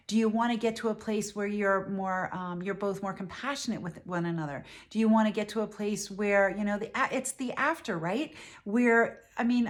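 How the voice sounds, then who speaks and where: Earnest woman coaching on relationships. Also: mid-range voice. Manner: earnest, repeats and restarts phrases. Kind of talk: casual advice talk.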